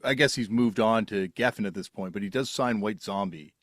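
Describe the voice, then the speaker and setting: A podcast host with a low voice talks in a relaxed, thinking-out-loud way. His voice sounds close and dry, with no room. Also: brisk, dry recording. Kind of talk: casual interview.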